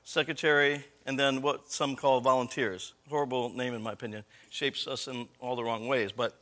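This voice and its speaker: A man's voice: medium pitch, level tone, moderate pace, fairly bright tone. A man giving a live conference talk on church leadership, lecturing conversationally with rhetorical questions and frequent self-corrections.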